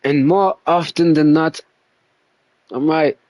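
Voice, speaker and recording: A man's voice: on the high side, slow pace, darkish tone, no echo, pitched above the performer's own voice. A man voicing a grand, pompous male detective with a put-on English accent, reading game dialogue aloud. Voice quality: grandiose, theatrical delivery.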